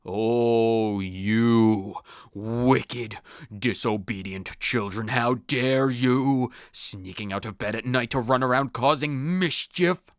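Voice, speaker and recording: A man's voice: mid-range voice, slow pace, smooth, dry recording, lightly acted. A man voicing the angry ghost of a strict old schoolmaster, scolding and indignant.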